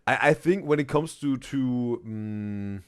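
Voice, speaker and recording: A man's voice: mid-range voice, takes it slowly, smooth, no echo, studio quality. A man streaming a live reaction, laughing often, calling everyone bro and trailing off mid-sentence.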